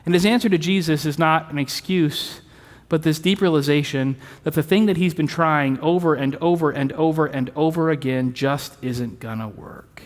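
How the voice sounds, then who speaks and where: A man's voice: a little high, normal speed. A man preaching a sermon as pastor, in a conversational way with rhetorical questions, recorded in a church sanctuary. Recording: long reverb of a sanctuary.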